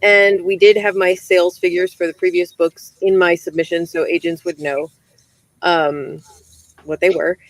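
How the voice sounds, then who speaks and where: Relaxed woman explaining publishing matters. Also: on the low side, moderate pace, no echo, rough recording. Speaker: author and book coach. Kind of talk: casual livestream chat.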